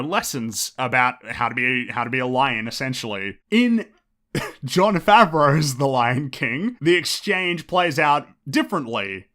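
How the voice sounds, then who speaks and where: A man's voice: medium pitch, bright, forceful tone. A man hosting his own show, talking through a casual commentary monologue with lots of restarts and offhand swearing. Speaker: podcast host.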